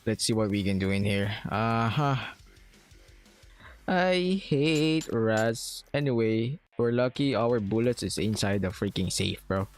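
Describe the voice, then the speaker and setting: A man's voice: lowish voice, lively intonation, measured pace, soft background music. A young man giving live commentary as he plays a shooter. He talks to his chat in an annoyed, swearing way. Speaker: streamer.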